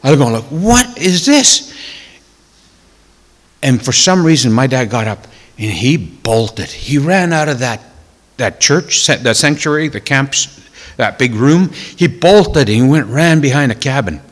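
A man telling a personal testimony in a sermon, emotional and tearful, dropping to hushed whispers and rising to loud exclamations. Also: mid-range voice, expressive, normal speed, hardly any pauses, long reverb tail. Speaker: preacher.

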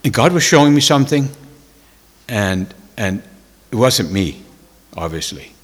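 A man telling a personal testimony in a sermon, emotional and tearful, dropping to hushed whispers and rising to loud exclamations. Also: medium pitch, big pitch swings, measured pace, big-room sound. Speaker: preacher.

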